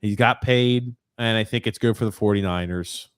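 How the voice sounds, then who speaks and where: Low-voiced chatty sports host. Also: male voice, normal speed, clean tone, dry recording, studio quality. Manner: chatty, reads listener comments aloud. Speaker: podcast host. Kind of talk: casual sports chat.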